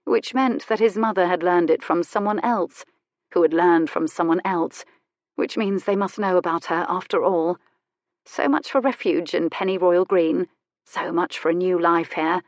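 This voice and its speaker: A woman narrating a historical romance audiobook in an expressive, measured storytelling manner. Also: on the low side, no echo, clean studio sound. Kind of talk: scripted narration.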